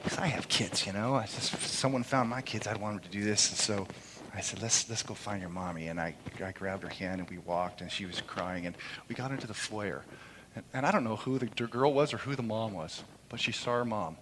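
A middle-aged man preaching a sermon in church, impassioned, moving between loud proclamation and soft, quiet storytelling. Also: on the low side, a little fast, background noise. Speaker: pastor. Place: church sanctuary during a service. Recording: long hall reverb.

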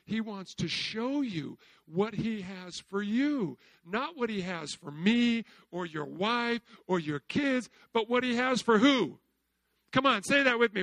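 A middle-aged man preaching a sermon as pastor, asking the congregation questions and dropping from loud calls to hushed lines. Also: very high-pitched, animated, moderate pace, no room sound.

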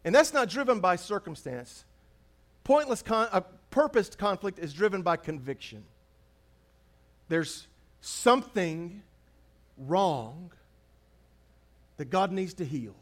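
Pastor, male, high-set voice, chatty humorous preaching with repeated lines. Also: expressive, takes it slowly, long pauses, fairly bright tone. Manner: conversational preaching, humorous asides, repeats phrases for emphasis. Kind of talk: sermon.

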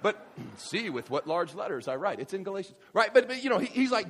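A man preaching in a church, his voice slightly husky and pitched a bit high for a man. He talks with his congregation in a conversational way, moving between quiet asides and fired-up exclamations. The melody of his speech is very lively. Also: brisk, few pauses. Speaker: pastor. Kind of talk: sermon.

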